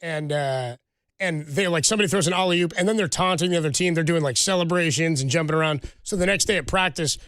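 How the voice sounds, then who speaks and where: A sports radio co-host, an animated storyteller who restarts his sentences as he rushes along. His voice is high and gravelly, and he talks fast. The studio sound is dry and close. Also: no echo. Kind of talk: casual sports talk.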